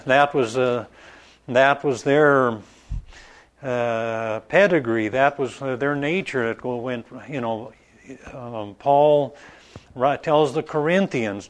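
Man, pastor, informal bible-study sermon, conversational, halting, frequent restarts. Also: medium pitch.

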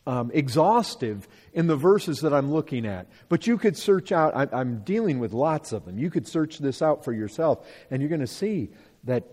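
A man's voice: fairly high pitch, sing-song, normal speed, darkish tone. A man teaching from the Bible to an audience, emphatic, asking rhetorical questions and repeating his points. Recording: long hall reverb.

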